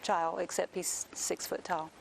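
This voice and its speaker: A woman, a mother telling an emotional personal story as an interview guest, earnest and animated. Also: fairly low pitch, measured pace, gravelly, a little hiss or hum. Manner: earnest, animated retelling with quoted voices.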